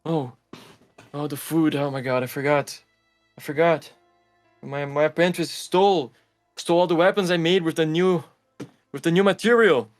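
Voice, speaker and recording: A man's voice: on the high side, fairly even intonation, moderate pace, pauses often, soft background music, pitched above the performer's own voice, close to an everyday voice. A man voicing a desperate female blacksmith who stammers and keeps repeating herself.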